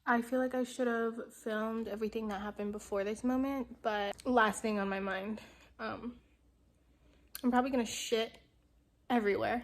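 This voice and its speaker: In a casual video diary shot at home and then in a hospital, a young, heavily pregnant vlogger speaks bluntly to her phone camera, cursing through tears and labor pain. Her voice is on the high side with fairly even intonation, and she talks at a normal speed.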